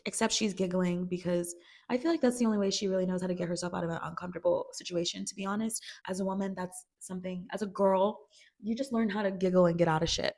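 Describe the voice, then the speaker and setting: A woman talking through a TV series recap in a loose, chatty way, peppered with "like" and quick acted-out quotes. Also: on the low side, fairly even intonation, darkish tone. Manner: chatty, filler "like", acts out characters' quotes. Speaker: video creator recapping a TV series. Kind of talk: casual recap chat.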